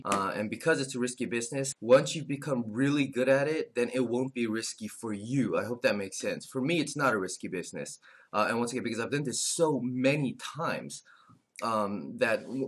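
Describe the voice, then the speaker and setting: A man's voice: mid-range voice, fairly bright tone, breathy edge. A man explaining phone screen repair as an instructor, talking casually with lots of "uh" fillers and restarts. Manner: filler-heavy, frequent "uh" restarts. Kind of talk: casual tutorial talk.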